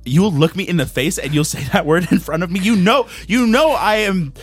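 A man's voice: sits high, expressive, normal speed, a bit bright, faint music behind, exaggerated voice. A man voicing a proud, touchy male tomato who rants indignantly. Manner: indignant, ranting.

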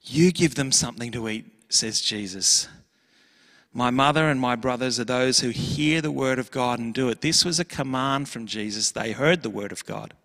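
Bright-voiced pastor preaching in a hall. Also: male voice, mid-range voice. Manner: earnest, emphatic preaching with acted asides. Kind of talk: sermon.

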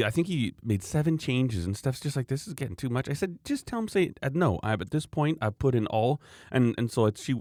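A man's voice: on the low side, darkish tone, no echo, studio quality. A man in casual podcast chat, telling rambling anecdotes about his customers and acting out what they said. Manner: rambling storyteller, acts out quoted customers. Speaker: podcast co-host, knife maker.

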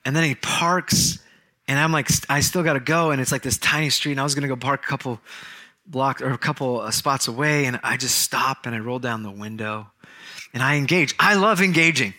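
A man preaching a sermon in church, telling a story with jokes and quick asides. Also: medium pitch, sharp tone. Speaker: pastor.

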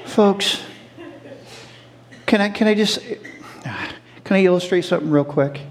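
A middle-aged preacher with a high voice delivers an animated sermon at an unhurried pace, asking the audience questions and laughing along with them.

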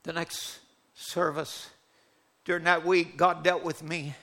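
A man's voice: fairly high pitch, level tone, slow, bright, forceful tone. A man preaching a sermon, telling a personal testimony in an earnest, fervent way. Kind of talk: sermon storytelling.

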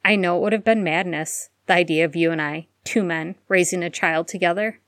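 A woman's voice: on the low side, fairly even intonation, fairly quick, no room sound, clean studio sound, close to an everyday voice. Remus, a woman voicing a weary graying man. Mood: subdued. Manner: quiet, subdued, wry.

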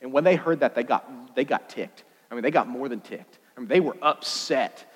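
A man preaching a sermon in a casual, jokey, animated way, often laughing at his own asides. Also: medium pitch, normal speed, breathy edge. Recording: long hall reverb.

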